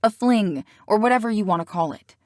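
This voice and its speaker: A woman reading an audiobook, voicing a sharp, protective teenage girl who snaps at a boy she cannot stand. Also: medium pitch, lively intonation, fairly quick, dry recording, studio quality, pitched above the performer's own voice, natural voice. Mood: irritated. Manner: snappish, through gritted teeth.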